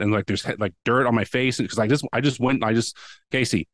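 A man's voice: on the low side, fast, no echo. A man telling a long story as a podcast guest, rambling, with many restarts and acted-out quotes. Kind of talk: casual storytelling.

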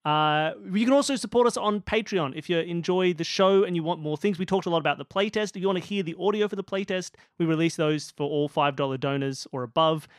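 A man co-hosting a podcast in casual chat, playful and quick to laugh and tease. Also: fairly high pitch, no echo, clean studio sound. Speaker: podcast co-host.

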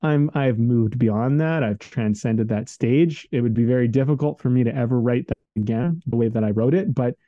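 A man's voice: medium pitch, normal speed, few pauses, warm tone, dry recording. A man hosting a podcast, rambling earnestly in casual reflective chat, leaning on "like" and "man". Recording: dull lo-fi dry recording.

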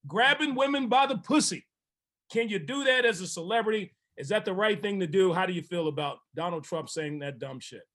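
Los Angeles man hosting a radio talk show, fairly high voice, loose and laughing, puts questions to the panel. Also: a little fast, hardly any pauses, fairly bright tone. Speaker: host. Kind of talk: casual podcast chat. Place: radio studio.

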